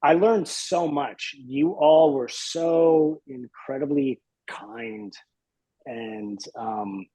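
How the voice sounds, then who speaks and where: A man's voice: medium pitch, drawn-out words, mellow, breathy edge, dry recording, low-quality recording. A man in his fifties, a podcast guest reminiscing in casual chat, hesitant and rambling with many fillers.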